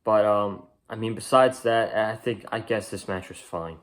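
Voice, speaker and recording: A man's voice: fairly low pitch, steady tone, moderate pace. A young man giving a casual, rambling and opinionated review of a wrestling show, often restarting his sentences.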